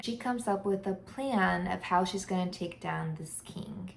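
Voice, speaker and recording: A woman's voice: lowish voice, moderate pace, gravelly, few pauses, slight background noise. A woman giving a casual spoken recap of a book, telling the story eagerly and briefly acting out the characters' lines. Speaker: book reviewer.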